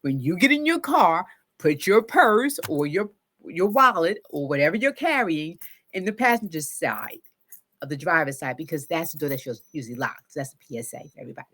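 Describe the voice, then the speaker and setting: Animated woman telling a story. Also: low voice, fairly quick. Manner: animated, acts out her own shouts and self-talk. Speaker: therapist. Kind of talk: casual storytelling to camera.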